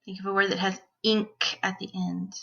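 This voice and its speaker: A woman teacher leading a phonics lesson for young children, sounding out each phoneme slowly, clearly and deliberately. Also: mid-range voice, level tone, fairly bright tone, lo-fi sound.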